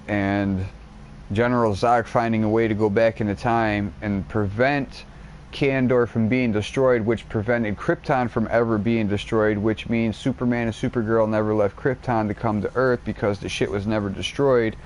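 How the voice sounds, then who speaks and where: A man streaming a game, rambling in casual chat and retelling a show in an excitable, foul-mouthed, slang-heavy way. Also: lowish voice, normal speed, slight background noise. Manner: profanity-laden, excitable storytelling, heavy slang.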